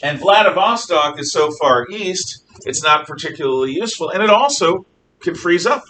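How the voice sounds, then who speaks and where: Animated and bright, his voice pushed, this man speaks at normal speed while lecturing a history class. He rambles, relies on fillers, and keeps correcting himself, all recorded in an echoey room by a distant mic over a faint rumble.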